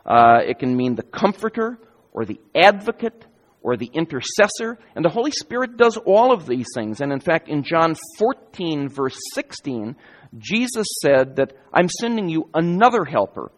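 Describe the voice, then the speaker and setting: A man preaching a sermon in an emphatic, varied delivery with deliberate pauses, in a church sanctuary. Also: a little high, sing-song. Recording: hall reverb.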